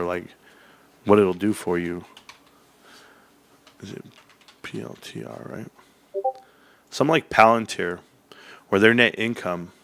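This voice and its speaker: A man hosting a stock-market livestream, talking casually with his chat and getting excited as he runs through earnings figures. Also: no room sound. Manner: excitable, rises to loud pitched emphasis on numbers. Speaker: stock show host.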